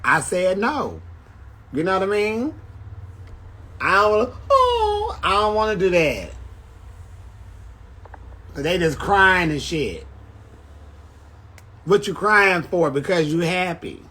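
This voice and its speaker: A man's voice: high voice, animated, slow pace, pauses often, bright, forceful tone, husky. A man chatting casually on a phone livestream, telling brash, profane stories. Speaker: drag performer on a livestream.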